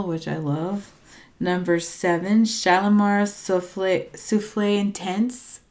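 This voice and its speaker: Slow, hesitant woman reading a list. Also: on the low side, darkish tone. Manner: hesitant, unsure pronunciations, trailing asides. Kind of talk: casual chat reading out a ranked list.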